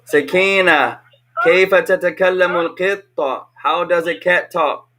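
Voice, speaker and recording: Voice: medium pitch, normal speed, a bit bright. A teacher leading an online language lesson for children, patiently repeating each question over a video call.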